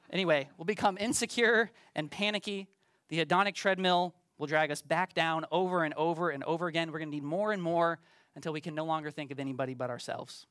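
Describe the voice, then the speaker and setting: A man's voice: fairly high pitch, fairly bright tone, clean tone, no room sound, studio quality. A man preaching a sermon to a congregation in a conversational, self-deprecating way, with frequent ums and restarts. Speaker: pastor.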